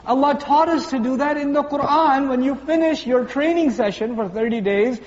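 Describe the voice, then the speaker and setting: Male preacher, high voice, playful storytelling delivery; muffled, reverberant hall recording. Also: normal speed. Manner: lively, conversational, acts out everyday voices. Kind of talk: sermon. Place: large gathering hall with congregation. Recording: distant voice in a large hall, muffled, faint hum.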